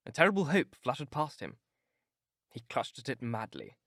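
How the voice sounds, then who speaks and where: A man reading a classic novel aloud in measured, expressive scripted narration on a close mic. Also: mid-range voice, no echo. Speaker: audiobook narrator.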